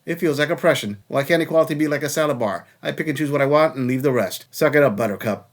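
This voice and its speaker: Fast-talking blunt male commentator. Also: fairly high pitch. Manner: blunt, mocking, lecturing. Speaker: commentary channel host. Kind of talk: sarcastic reaction commentary.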